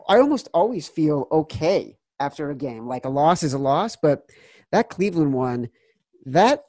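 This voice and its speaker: A man in his forties, a podcast co-host telling a sports betting story and loudly acting out quotes. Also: fairly high pitch, no echo, clean studio sound. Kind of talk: casual sports betting chat.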